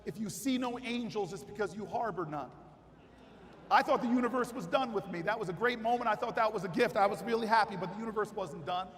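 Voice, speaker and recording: A man giving a political convention speech, telling a story that builds to shouted rallying cries. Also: sits high, fast talker, slight background noise. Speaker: keynote speaker. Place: large convention hall with crowd. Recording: hall reverb with crowd.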